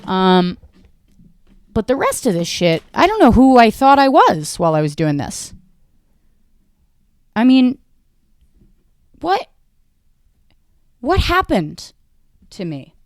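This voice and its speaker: Casual American podcast host in her thirties, crisp voice, bone-dry sound, rambling and self-mocking with frequent profanity. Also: fairly high pitch, big pitch swings, slow pace, pauses often, no echo. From United States. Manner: talks to her dog mid-show. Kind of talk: casual solo monologue.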